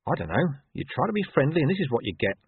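A man's voice: on the high side, big pitch swings, very fast, breathy edge, no room sound, voice pushed up, heavily acted. A man voicing a scruffy, cheeky male mongrel dog who wheedles and chances his luck. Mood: grumbling. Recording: tinny lo-fi dry recording.

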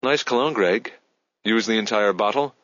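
A man reading the lines of a sharp-tongued female cryptographer in an audiobook, keeping her curt and flat. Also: fairly low pitch, moderate pace, dry recording, lo-fi sound, lightly acted.

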